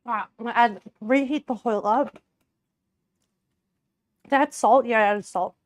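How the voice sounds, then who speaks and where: A woman's voice: a little high, moderate pace, dry recording. Giggly young woman streamer, dry sound. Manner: chatty, giggly, laughs often, many fillers. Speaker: live streamer. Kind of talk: casual live-stream chat while cooking.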